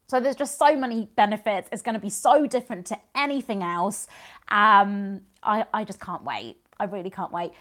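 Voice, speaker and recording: A woman's voice: mid-range voice, moderate pace, fairly bright tone. A woman in her thirties giving an earnest, reassuring motivational talk to her viewers, repeating her encouragements. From United Kingdom. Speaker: vlogger and business community host. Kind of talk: casual motivational talk to camera.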